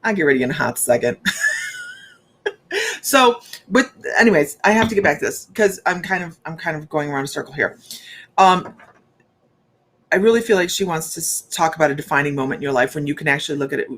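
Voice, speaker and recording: A woman's voice: low voice, expressive, a little fast, long pauses, fairly bright tone, slightly rough. Chatty woman psychic on a livestream. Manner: rambling and chatty, restarts often, talks straight to viewers. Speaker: psychic medium. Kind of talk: live-streamed psychic reading and chat.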